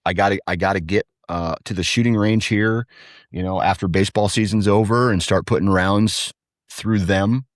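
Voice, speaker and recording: A man's voice: fairly low pitch, moderate pace, no echo, clean studio sound. A man in his thirties, a podcast guest and hunter, telling rambling stories about his kids in casual chat. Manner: rambling, animated when quoting his kids.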